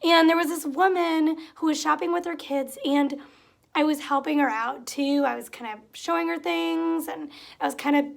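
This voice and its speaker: Chatty young woman with a high, gravelly voice. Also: fairly even intonation, normal speed. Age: young adult. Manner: chatty, exasperated, acts out quoted customers. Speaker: vlogger. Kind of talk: casual storytelling. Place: home room, cat nearby.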